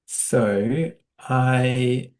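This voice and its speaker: A man with an Australian accent interviewing a teacher in a casual conversation, speaking softly with hesitant fillers. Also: mid-range voice, drawn-out words. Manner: soft-spoken, hesitant with fillers, laughs lightly.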